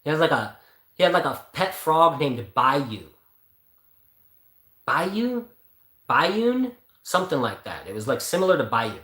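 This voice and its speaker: A man's voice: mid-range voice, lively intonation, normal speed, bright, forceful tone. A man hosting a casual spiritual talk who thinks aloud, rambles and corrects himself as he goes. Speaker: channel host. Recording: roomy echo.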